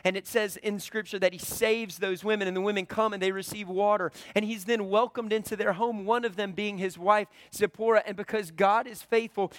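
A man's voice: high voice, fairly bright tone, dry recording. A man preaching a sermon, retelling a scripture story with drama and voicing its characters.

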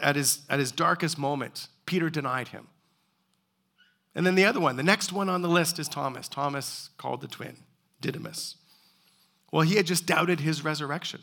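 A man's voice: a little high, gravelly, sharp tone. A male pastor preaching a sermon, earnest and pleading, with repeated rhetorical questions.

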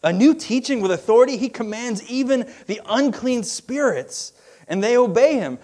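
Man, high voice, sermon, conversational, animated, asides and laughs. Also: moderate pace. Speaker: pastor.

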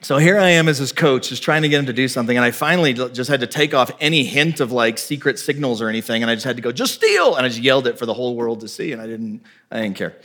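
A man preaching a sermon as a pastor. He tells a story with lively animation, acting out dialogue and swinging between loud and hushed delivery. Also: medium pitch, very fast, hardly any pauses.

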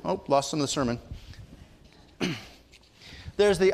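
An older male pastor preaches, his voice sitting high for a man. He tells stories and slips into voices for the people in them. The sound rings with long reverb, as in a church hall. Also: brisk. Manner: storytelling, acts out voices in quotes. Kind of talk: sermon.

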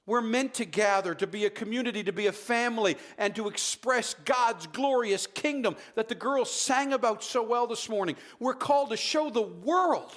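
Emphatic high-voiced male pastor preaching. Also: expressive. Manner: emphatic, dramatic pauses, drops to a soft low voice. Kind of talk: sermon. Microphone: livestreamed to viewers at home.

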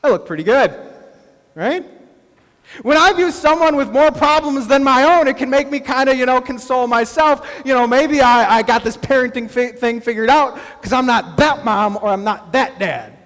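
Guy pastor preaching, super high voice, chatty with little acted bits, big echoey church. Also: fairly bright tone. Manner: conversational, with asides and quick acted-out quotes. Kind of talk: sermon. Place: church sanctuary. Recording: long reverb of a large hall.

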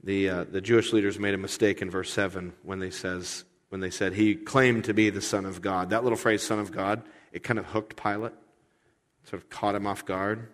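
A man preaching a sermon as pastor, conversational, with his voice swinging between loud and hushed. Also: lowish voice, little pitch movement, moderate pace. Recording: long hall reverb.

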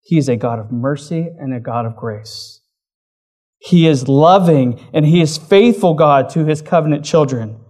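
A man preaching a sermon in a relaxed, conversational way, with frequent fillers like "like". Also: a little high, normal speed. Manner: conversational, uses many fillers. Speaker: pastor.

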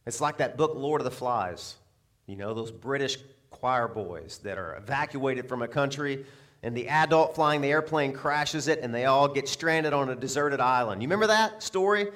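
A man preaching a sermon in a lively way, asking the crowd rhetorical questions and chuckling between points. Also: medium pitch, moderate pace. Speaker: pastor.

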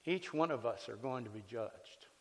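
A man preaching as a pastor, reading scripture and then telling a personal story in a relaxed, conversational way. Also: mid-range voice, moderate pace. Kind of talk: sermon. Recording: long hall reverb.

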